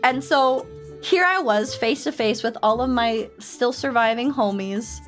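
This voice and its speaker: Woman streamer, army veteran, high voice, unhurried storytelling, faint music behind. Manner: animated, laughing, acts out friends' voices. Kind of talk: casual storytelling on a live stream.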